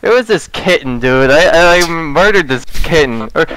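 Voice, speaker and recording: A man's voice: on the high side, expressive, normal speed, a bit bright, clear, resonant tone, no room sound, rough recording. A man casually telling a rambling, profane story to friends, laughing through it.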